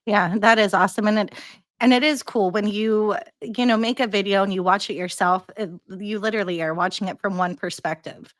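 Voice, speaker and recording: A woman's voice: mid-range voice, steady tone, fairly quick, no room sound. Bubbly woman host with a dry, close sound. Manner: bubbly and engaging; encouraging, often adds "you know" to her sentences. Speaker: podcast host. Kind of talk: casual interview conversation.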